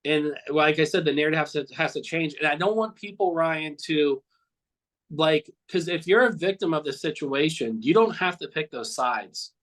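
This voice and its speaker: A man's voice: a little high, normal speed, fairly bright tone, poor audio. A man recounting memories of a friend in a casual, heartfelt interview, rambling and swearing now and then. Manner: earnest, repeats himself often. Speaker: cartoonist guest.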